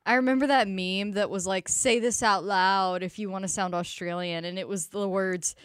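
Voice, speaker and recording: A woman's voice: medium pitch, fairly even intonation, moderate pace, clear, resonant tone, no echo, studio quality. A young woman co-hosting casual radio banter, telling personal stories with lots of filler words. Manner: chatty, tells personal anecdotes with filler words. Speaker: radio show co-host.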